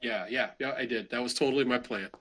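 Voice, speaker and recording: A man's voice: mid-range voice, fast talker, fairly bright tone, low-quality recording. A man playing in a tabletop game, hesitant and full of questions about the rules. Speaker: player. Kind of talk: casual tabletop game chat.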